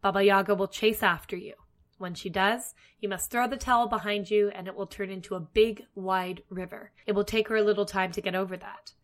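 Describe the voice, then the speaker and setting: A woman narrating a fairy tale aloud, expressive and dramatic. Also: mid-range voice, a little fast. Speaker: storyteller. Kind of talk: storybook narration.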